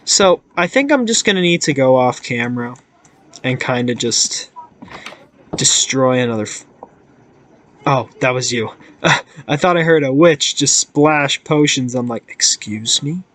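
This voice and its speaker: A man's voice: mid-range voice, animated, measured pace, a bit bright. A young man casually narrating his game as host, rambling and goofy, often cutting himself off. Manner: rambling, goofy, self-interrupting. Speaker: gaming channel host. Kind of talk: casual let's-play commentary.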